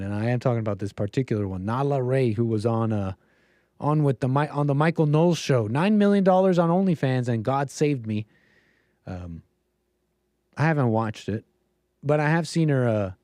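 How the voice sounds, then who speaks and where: A man's voice: medium pitch, darkish tone, no room sound. A man hosts his own livestream in a loose, rambling monologue, restarting sentences and slipping into mocking quotes. His voice sits in an ordinary middle range. The sound is dry and close, with no room around it. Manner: rambling, restarts often, mocks others in put-on quotes. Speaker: livestream show host.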